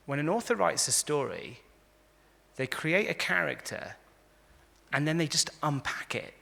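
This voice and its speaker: A man, a rabbi, giving a lively lecture to a live audience, telling stories and acting out the quotes with frequent restarts. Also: medium pitch, moderate pace, gravelly. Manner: animated storyteller, frequent restarts, acts out quotes. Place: large convention hall. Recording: echoey hall.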